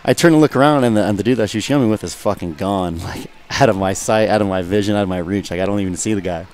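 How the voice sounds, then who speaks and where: A man's voice: on the low side, rapid-fire, darkish tone, a little hiss or hum. A young man, a guest fighter, telling a rambling, profane story in casual chat and often asking "you know what I mean".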